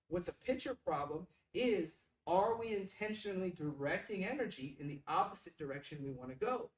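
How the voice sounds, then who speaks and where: A coach walks through pitching drills step by step, leaning hard on key words. The voice sits at an ordinary pitch and sounds set back from the mic in an echoey room. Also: animated, fairly quick, hardly any pauses, recorded from a distance, a little hiss or hum. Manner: emphatic, stresses key words. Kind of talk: instructional explanation.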